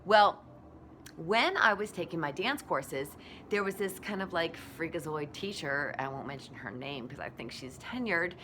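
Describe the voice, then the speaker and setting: A woman in her forties, a blogger giving a candid, animated motivational talk. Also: low-pitched, moderate pace, background noise.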